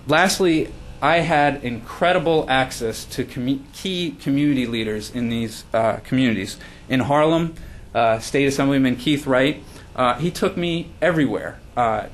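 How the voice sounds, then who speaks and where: A man's voice: mid-range voice, slight background noise. A man, as the author, giving a book talk at a launch event, earnest, with frequent fillers and restarts. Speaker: author presenting his book.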